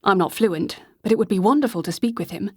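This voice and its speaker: A woman narrator voicing a young, well-bred man who speaks in a measured, matter-of-fact way. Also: high-pitched, darkish tone, husky, no echo, clean studio sound. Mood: careful. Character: young well-bred Englishman, earnest and careful.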